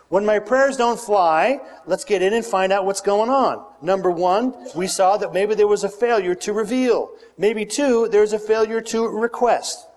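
A man preaching a sermon, animated and joking, leading the congregation in call-and-response. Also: high voice. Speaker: pastor. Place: large church hall with congregation. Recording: long reverb of a big hall.

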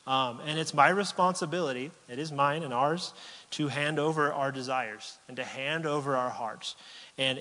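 A man's voice: mid-range voice, bright, forceful tone. A man preaching an earnest, conversational sermon as a pastor, often checking in with "right?", and then leading a closing prayer. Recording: long hall reverb.

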